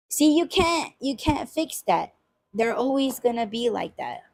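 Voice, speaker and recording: A woman's voice: fairly high pitch, very animated, a little slow, creaky, rough recording. A woman in casual podcast talk, blunt and profane, ranting and mimicking the people she criticizes.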